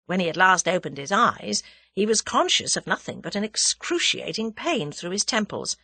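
A woman narrating a novel as an audiobook in a measured, expressive reading. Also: medium pitch, no room sound. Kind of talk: scripted narration.

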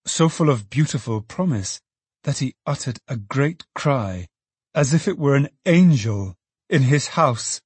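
Man, audiobook narrator, expressive, husky, dry recording. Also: medium pitch, dry recording. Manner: expressive storyteller, lively.

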